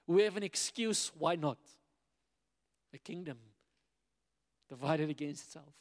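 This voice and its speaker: A man preaching a sermon in a lively way, acting out the dialogue of biblical figures as he retells the stories. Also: sits high, measured pace, pauses often. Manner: animated, acts out biblical dialogue in quoted voices. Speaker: pastor. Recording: long hall reverb.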